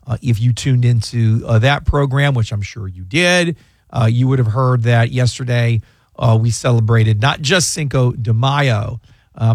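This is a man hosting a laid-back studio radio talk show; he's a lawyer as well as a host. He rambles, restarts a lot and drifts into asides. His medium-pitched voice is recorded dry on a close studio microphone.

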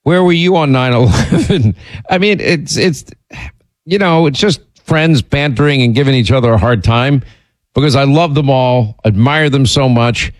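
A middle-aged man hosting a radio show, telling stories in a rambling, animated way and jumping up in pitch when he gets indignant. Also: normal speed, no room sound. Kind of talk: casual on-air storytelling.

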